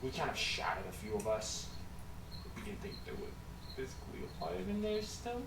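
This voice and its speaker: Animated game master with a lively voice. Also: male voice, normal speed, gravelly. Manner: animated, swings from low to loud. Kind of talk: narrating a tabletop game. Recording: echoey room, distant mic, background noise.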